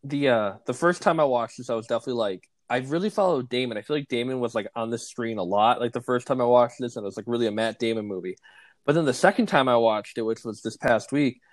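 A man's voice: medium pitch, fast talker, dry recording. Chill guy on a movie podcast, like every other word, mid voice, dry sound. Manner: relaxed, says "like" constantly. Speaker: podcast co-host. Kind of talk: casual movie discussion.

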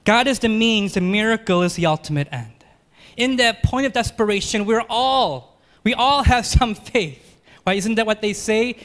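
High-voiced earnest male preacher. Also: a bit bright. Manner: earnest, rhetorical, shifts between quick and slow emphatic phrasing. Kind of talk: sermon.

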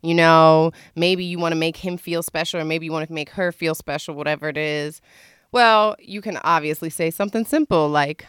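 Frank chatty woman, low smooth voice. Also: steady tone, normal speed, a bit bright, dry recording, clean studio sound. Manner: frank, chatty, laughing, many fillers. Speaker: host. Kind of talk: casual candid advice monologue.

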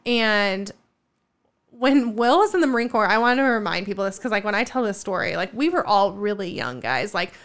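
A young woman in her twenties tells a long personal story in casual conversation. Her voice is smooth and clear at a medium pitch. She rambles warmly with plenty of fillers and restarts. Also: expressive, normal speed. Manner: chatty storytelling with many fillers. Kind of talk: casual chat.

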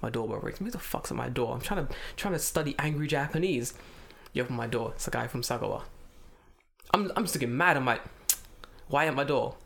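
A man's voice: medium pitch, brisk, gravelly. A man telling a story in casual, profane chat, acting out the other people as he retells it. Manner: animated, profane, acts out voices in retelling. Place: lives in Japan.

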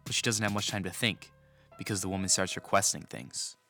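A man narrates a podcast from a script, with a low voice and a bright, forceful edge. He speaks in a measured way and poses questions to the listener. Light music plays faintly behind him. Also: fairly even intonation.

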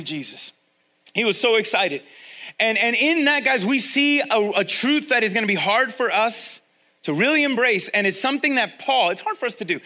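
Male pastor, high bright voice, lively conversational sermon delivery with emphatic repeats, church setting. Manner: energetic, conversational, repeats key lines for emphasis. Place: church with a congregation, also streamed online.

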